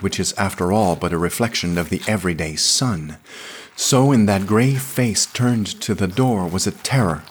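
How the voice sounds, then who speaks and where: A man narrating a story in a slow, measured, hushed dramatic reading. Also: low-pitched, slight background noise. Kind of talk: dramatic audiobook reading of pulp science fiction.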